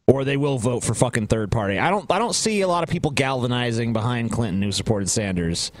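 Male podcast host, mid pitch, loud and crude, gloats and swears, dry close mic. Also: animated, fast, hardly any pauses, no room sound. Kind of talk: casual profane chat.

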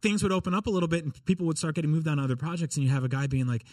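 A man in casual podcast chat, telling rambling, animated stories and acting out quotes. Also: fairly high pitch, very fast, no echo. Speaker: games journalist and podcast regular.

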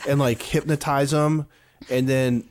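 A man's voice: mid-range voice, steady tone, measured pace, a little mellow, no echo, clean studio sound. A man from Central New York co-hosting a casual podcast, hesitant and restarting his sentences. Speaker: podcast co-host.

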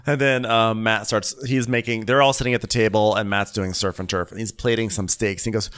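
Wry, lower-voiced man riffing on a show. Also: level tone, fairly quick, a bit bright, clean tone. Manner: wry, exasperated riffing with laughs. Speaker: podcast co-host. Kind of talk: casual recap chat.

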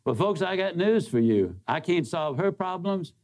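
A man with a high speaking voice tells a story to an audience as a motivational speaker. He talks in a folksy, emphatic way, dropping low for punchlines and rising for emphasis. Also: animated, moderate pace, darkish tone. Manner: folksy, emphatic, big swings in pitch.

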